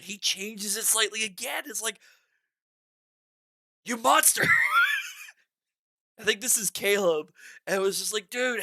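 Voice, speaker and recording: A man hosting a music reaction video, chatting excitedly and rambling through his thoughts, with faint music behind him. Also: sits high, no room sound, studio quality. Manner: excitable and rambling, with many restarts and bursts of enthusiasm. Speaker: music reaction channel host. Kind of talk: casual reaction commentary. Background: faint music from the song being reacted to.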